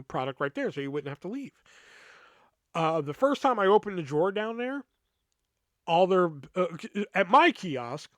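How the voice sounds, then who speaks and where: A man's voice: a little high, no echo, clean studio sound. A man hosting a podcast, telling a personal work story in a heated, profane way, full of fillers. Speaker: podcast host.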